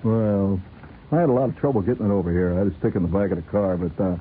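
A man's voice: low-pitched, fast talker, narrow, tinny audio, slight background noise, lightly acted. A man voicing a bashful young man who mumbles modestly about a gift he brought.

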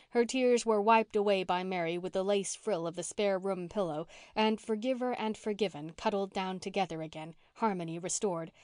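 A woman's voice: medium pitch, a little mellow, no room sound. Dry, close woman audiobook narrator. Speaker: audiobook reader. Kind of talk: audiobook narration of a classic novel.

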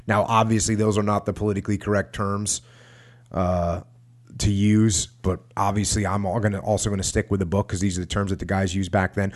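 Male host, low voice, reads aloud with loose conversational asides. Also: flat delivery, fairly quick. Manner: conversational, frequent restarts and asides. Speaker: podcast host reading a war memoir. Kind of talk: reading aloud with casual commentary.

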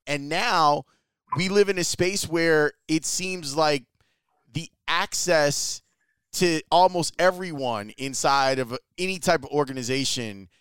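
Male podcast host, a bit high-pitched, casual, stumbles over repeated words. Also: fairly bright tone, smooth, dry recording. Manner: conversational, repeats words as he thinks. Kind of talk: casual interview and host-read ad.

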